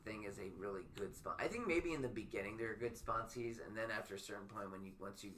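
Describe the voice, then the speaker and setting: A man hosting a podcast in casual chat, rambling and stammering, quick to poke fun at himself. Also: on the low side, pushed and bright, a little hiss or hum. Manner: rambling, stammering, self-deprecating. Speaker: podcast host.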